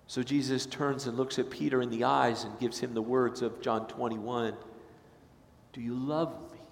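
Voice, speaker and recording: A male pastor preaching a sermon in a casual storytelling way, slipping into the voices of the people he describes. His medium-pitched voice fills a large sanctuary. It comes back with a long, roomy reverb. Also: little pitch movement, normal speed, gravelly. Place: church sanctuary.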